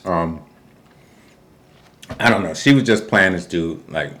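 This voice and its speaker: Slangy man with a low voice. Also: a little slow. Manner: animated, acts out quotes with sudden high voice; informal, slangy. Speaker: co-host of a reality TV recap. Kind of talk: casual recap chat over a meal.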